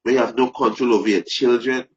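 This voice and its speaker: A man preaching fervently, repeating phrases, restarting sentences and rising into loud emphasis. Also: mid-range voice, steady tone, fast. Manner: repetitive, stumbling restarts, rising to shouted emphasis. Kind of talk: impassioned preaching. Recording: dull lo-fi recording.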